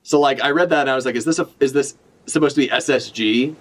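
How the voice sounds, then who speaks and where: A man's voice: medium pitch, quick pace. Profane rambling male streamer. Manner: rambling, profane, self-correcting. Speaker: streamer reacting to a comic chapter. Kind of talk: casual live reaction chat.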